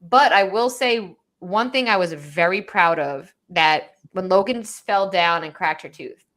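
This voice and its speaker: Co-hosting a laid-back podcast, a young woman tells a parenting story, quoting her toddler and dropping "like" constantly. Her voice is fairly low and a touch bright, and she speaks at a measured pace.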